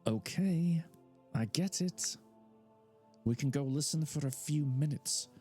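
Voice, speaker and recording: Exasperated big sister, high and pushy, voiced by a male narrator. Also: animated, normal speed, dark tone, soft background music. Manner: scolding, exasperated. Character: young teen girl, bossy protective older sister.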